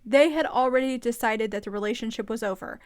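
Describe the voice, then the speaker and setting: A woman with a fairly high voice talks through a reality show recap in a chatty, opinionated way. She sounds amused and frank. The sound is dry and close. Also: a little fast, smooth, dry recording. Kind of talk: casual commentary.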